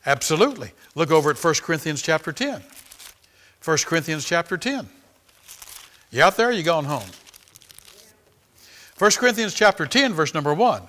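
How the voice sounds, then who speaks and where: A pastor preaching with a bright, forceful voice that sits a little high for a man. He hammers his points through repetition and calls out for amens. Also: very animated, fairly quick, pauses often. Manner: emphatic preaching, repeating phrases, calling for amens. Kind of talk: sermon.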